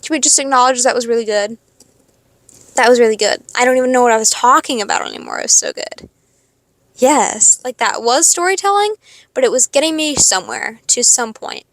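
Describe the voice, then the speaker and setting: Young woman rambling with vocal fry. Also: a little high, expressive, brisk, a bit bright, no room sound. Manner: rambling, expletive-laden storytelling. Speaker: podcast host. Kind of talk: casual confessional monologue.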